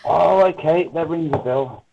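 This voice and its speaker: A man's voice: a little high, unhurried, creaky. A man chatting casually on a group video call, laid-back and mumbling. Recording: dull lo-fi call audio with faint noise.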